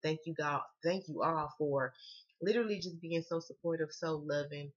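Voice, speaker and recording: Speaking at a normal speed in a deep voice, a tarot card reader from the American South chats to camera in her Southern accent, full of slang and casual swearing during a relaxed reading. The audio sounds dull.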